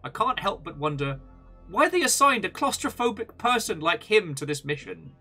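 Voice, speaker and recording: A man's voice: sits high, sing-song, moderate pace, sharp tone, faint music behind, voice pushed up, exaggerated voice. A man voicing an adult male expedition researcher with a put-on British accent, reading a diary log in a mock-formal way. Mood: reporting.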